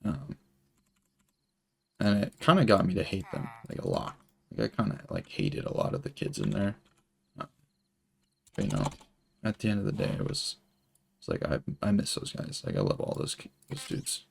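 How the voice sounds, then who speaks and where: A man's voice: lowish voice, huge pitch swings, normal speed, vocal fry, pauses often, darkish tone, a little hiss or hum. A young man telling a long story while he plays a game, rambling and swearing, with lots of filler words. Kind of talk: casual storytelling while gaming.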